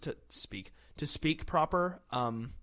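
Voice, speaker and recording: A man's voice: on the high side, expressive, slow, a bit bright. Joking young man hosting a podcast. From West Virginia. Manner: jokey, sarcastic, laughs often. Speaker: podcast host. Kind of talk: casual chat.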